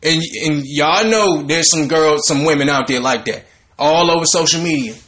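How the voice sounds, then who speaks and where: A man leads a Bible study, talking through scripture in a loose, conversational preaching style. He is animated and informal, and his voice sits a little on the higher side. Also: moderate pace. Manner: animated, conversational, breaks into laughter and mock voices.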